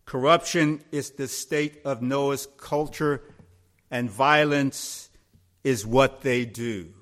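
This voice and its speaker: Slow, deliberate preacher man. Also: mid-range voice, fairly bright tone. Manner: slow, deliberate preaching that rises to emphatic peaks. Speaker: pastor. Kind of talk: sermon.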